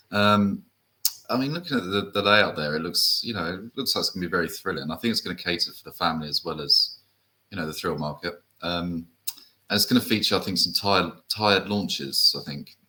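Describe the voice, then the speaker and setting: A man from the UK with a very low but bright voice co-hosts a casual chat. He speaks hesitantly, leaning on fillers and tag questions. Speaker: co-host.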